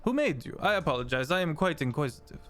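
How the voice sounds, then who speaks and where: A man's voice: a little high, sing-song, fast, fairly bright tone. A man voicing an inquisitive, courteous male construct tinkerer with a put-on French accent and a formal, polite manner. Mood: curious. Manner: formal, polite, curious questioning.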